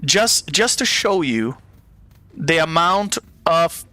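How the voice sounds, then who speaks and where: A man's voice: a little high, lively intonation, slow, pushed and bright. A man running a live-play tabletop game as game master, narrating scenes in a playful, theatrical way.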